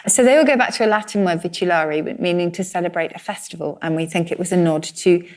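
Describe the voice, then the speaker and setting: A woman's voice: lowish voice, fast, darkish tone. A woman co-hosting a podcast, explaining word origins in a friendly way and thinking aloud as she goes. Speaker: podcast co-host, word expert. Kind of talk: casual chat.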